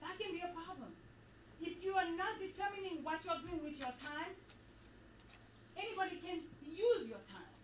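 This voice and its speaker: A high-voiced woman gives a motivational talk to a women's retreat, animated and preachy and fond of repeating herself. She sounds a little off-mic in an echoey hall with faint room noise. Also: moderate pace, far from the mic. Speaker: retreat speaker. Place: event hall.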